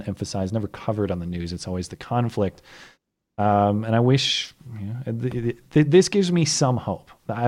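A man co-hosting a casual political chat podcast, talking in a measured, hedging way that invites being proven wrong. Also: fairly low pitch, a little mellow. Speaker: podcast co-host.

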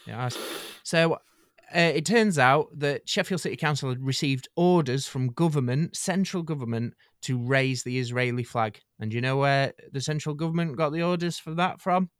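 A man's voice: mid-range voice, normal speed, no echo, clean studio sound. A man rambling and hesitating through a casual comedy podcast chat. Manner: rambling, hesitant, tangent-prone. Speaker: podcast co-host.

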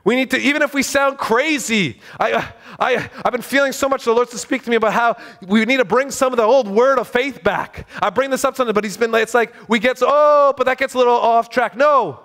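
Preacher, male, very high voice, fired-up sermon delivery. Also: a little fast, few pauses, a bit bright. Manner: fervent, exclaiming.

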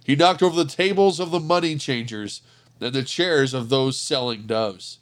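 A man reading a Bible passage aloud in a measured, earnest narrating voice. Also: mid-range voice. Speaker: scripture reader. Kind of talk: scripture reading.

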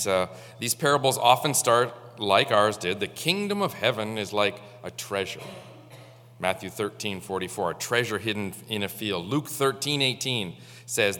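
A pastor giving a Sunday sermon in a halting, conversational way, pausing often on fillers. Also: male voice, fairly low pitch, sharp tone, long reverb tail.

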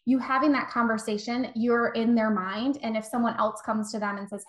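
A woman's voice: a little high, fairly even intonation, fast, few pauses. A woman in her thirties, a guest coach giving chatty, encouraging advice and acting out little quoted exchanges. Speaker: guest, virtual assistant coach. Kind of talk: casual podcast interview. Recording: echoey room.

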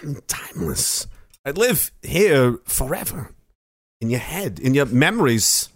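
A man doing an impression of an unsettling male movie star, speaking slowly, with odd pauses and a quietly threatening tone. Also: medium pitch, big pitch swings, breathy edge, dry recording, clean studio sound. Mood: eerie menace. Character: eerie, halting male movie star, calmly menacing.

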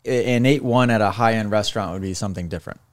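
A man co-hosting a casual podcast, rambling through stories in a fairly flat delivery. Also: fairly low pitch, quick pace. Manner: rambling, self-described monotone. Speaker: co-host.

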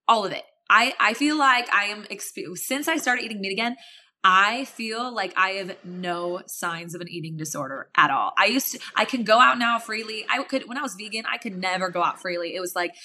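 A woman's voice: mid-range voice, normal speed, pushed and bright, a little hiss or hum. A young woman in her twenties or thirties, a podcast guest talking casually and animatedly, acting out her past self in quoted asides and swearing casually. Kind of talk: casual interview chat.

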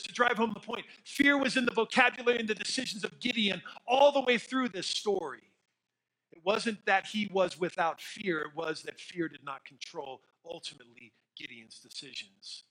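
Bright high-voiced male pastor preaching. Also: normal speed, poor audio. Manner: animated storytelling with fillers, drops to quiet emphasis. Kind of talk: sermon.

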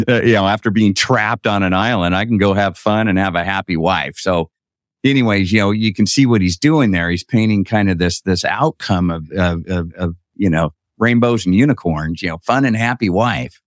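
A middle-aged man telling a story as a podcast guest, acting out quoted dialogue with lively voices. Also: fairly low pitch, moderate pace, no echo, studio quality.

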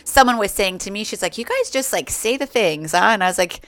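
A woman's voice: mid-range voice, lively intonation, brisk, a bit bright, dry recording. A woman in her forties co-hosting a podcast, chatting casually with friends, retelling conversations and laughing often. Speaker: podcast co-host. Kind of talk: casual chat among friends. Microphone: studio mic.

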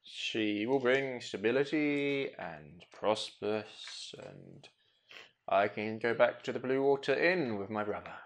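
A man voicing a stubborn young townsman sent by his mother, speaking in a deliberately bad put-on European accent during a tabletop role-play. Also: medium pitch, lively intonation. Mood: insistent.

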